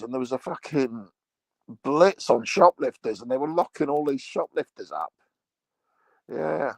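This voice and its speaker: A man playing a crude, boastful English loudmouth in a rambling, foul-mouthed comic monologue, with an English accent. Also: medium pitch, gravelly, dry recording.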